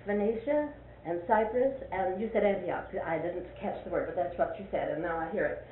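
A woman's voice: fairly low pitch, a little fast, distant mic. Older woman teaching a church class. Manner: folksy, questioning, often repeats points for emphasis. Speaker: Sunday school teacher. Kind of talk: leading a Bible class discussion. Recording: echoey, tinny lo-fi recording with faint hiss.

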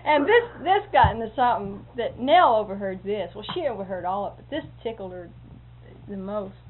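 A woman's voice: mid-range voice, lively intonation, a little fast. A woman telling homespun stories casually, chuckling often and acting out what others said. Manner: chuckling often, acts out quoted speech. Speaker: storyteller. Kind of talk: casual anecdotal storytelling. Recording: phone-like lo-fi audio with faint hiss.

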